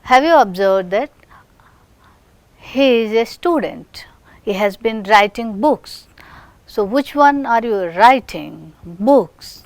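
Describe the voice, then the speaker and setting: A woman teaching a recorded phonetics lesson, slow and deliberate, drawing out each example word. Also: fairly high pitch, lively intonation, dry recording.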